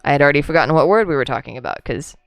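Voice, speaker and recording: Chatty gravelly-voiced game streamer. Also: mid-range voice, lively intonation, very fast, dry recording, faint music behind. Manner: chatty, rambling, answers chat, laughs often. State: drinking. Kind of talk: casual chat while livestreaming a game.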